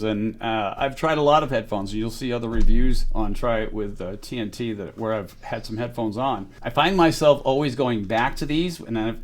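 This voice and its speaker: A man co-hosting a relaxed product review chat with his wife. His voice swings up and down with plenty of life, and he teases and laughs easily. His pitch sits around the middle for a man. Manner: playful, teasing, laughs often. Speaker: co-host of a product review channel.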